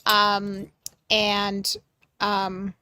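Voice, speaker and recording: A woman hosting a live mediumship reading for her chat, gentle and reassuring, searching for words with many pauses and fillers. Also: mid-range voice, completely flat delivery, clean tone, dry recording. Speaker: medium and livestream host.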